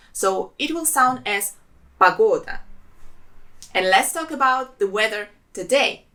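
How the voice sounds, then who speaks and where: A woman from Russia with a Russian accent, teaching an online language lesson and sounding words out slowly, syllable by syllable. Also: on the high side, sharp tone. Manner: slow, careful syllable-by-syllable pronunciation drills.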